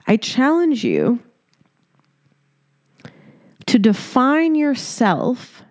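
A woman in her thirties, born in Egypt, hosts her own podcast and talks straight to her listeners. Her voice sits at a middle pitch, and she tells stories in a lively, chatty way. She laughs often and swears now and then. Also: dry recording, studio quality. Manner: animated storytelling, laughing often, casual swearing; talks directly to listeners as "your girl". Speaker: podcast host. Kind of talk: solo podcast monologue.

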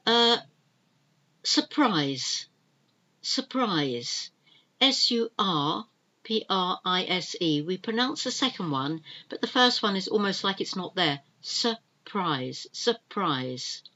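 A woman's voice: medium pitch, lively intonation, takes it slowly, bright, forceful tone, dull audio. A British woman hosting an English lesson podcast, patiently spelling words out letter by letter and repeating each one. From United Kingdom. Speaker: podcast host teaching English. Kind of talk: slow spelled-out pronunciation lesson.

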